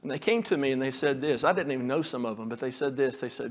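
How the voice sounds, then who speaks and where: A male pastor delivers an earnest sermon at a quick pace in a medium-pitched voice, with the sound of a big room around him. Now and then he acts out the pleading lines from the story he's telling.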